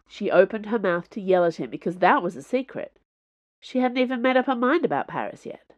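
A woman author reading her fiction aloud as a podcast host, in measured storytelling. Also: medium pitch, lively intonation, lo-fi sound. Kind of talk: audiobook narration.

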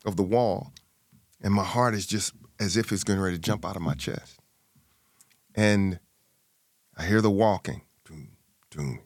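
A man's voice: lowish voice, dry recording, studio quality. A middle-aged man, an interview guest, telling a personal story and acting out the voices of his family.

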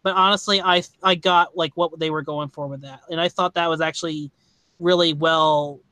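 A man with a high, bright voice hosts a casual podcast chat and rambles through his thoughts, restarting sentences often. His tone is smooth and clear, recorded dry and close. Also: steady tone, no echo. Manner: rambling, halting, many restarts and fillers. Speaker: podcast host. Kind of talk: casual movie review chat.

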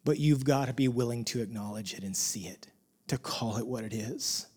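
A male pastor delivering a sermon at a middle pitch, swinging between rising, emphatic passages and soft, hushed moments. His delivery is impassioned and earnest. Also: normal speed, slightly rough.

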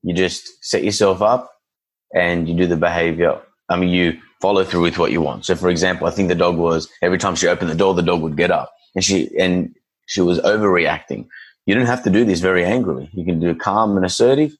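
Brief: deep, husky man; dog trainer telling lively client stories in casual talk. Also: a little fast, poor audio. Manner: animated storyteller acting out clients and dogs. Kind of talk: casual podcast chat.

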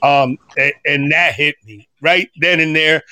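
A middle-aged podcast guest talks casually and emotionally, his speech halting with many fillers and restarted sentences. His voice leans high, with a bright, forceful yet smooth tone and no echo.

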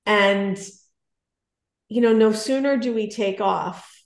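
Animated woman storyteller in an echoey room. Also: mid-range voice, slow. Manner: animated, self-deprecating, acts out dialogue. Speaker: guest telling a personal story. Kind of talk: conversational storytelling.

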